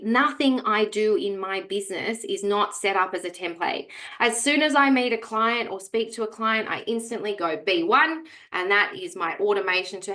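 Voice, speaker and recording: A woman with a fairly high, sharp-toned voice gives a webinar presentation coaching real estate agents. She addresses her audience directly with energy and emphasis at a moderate pace, and the audio is reverberant.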